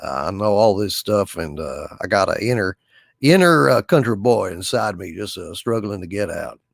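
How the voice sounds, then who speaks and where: Guy doing a low gravelly southern country boy drawl, folksy and slow. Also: lively intonation, no room sound, clean studio sound, heavily acted.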